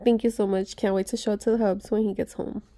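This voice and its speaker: A woman chatting excitedly to her viewers as she unboxes gifts, gushing and talking to her audience. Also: medium pitch, quick pace, dry recording. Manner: gushing, chatty, many gasps and asides to viewers. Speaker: vlogger.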